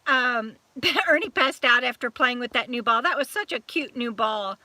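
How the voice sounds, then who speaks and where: Woman, Southern accent, high bright voice, dry close sound, live-stream chat, rambling and friendly greetings. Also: animated, normal speed, dry recording. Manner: chatty, scattered, greets viewers one by one. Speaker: YouTube channel host.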